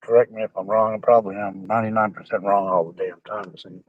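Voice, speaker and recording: A man's voice: on the low side, flat delivery, fast, dry recording, phone-quality sound. A man chatting casually and rambling with his viewers on a live stream, sounding like he has a bad cold. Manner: rambling, salty, joking.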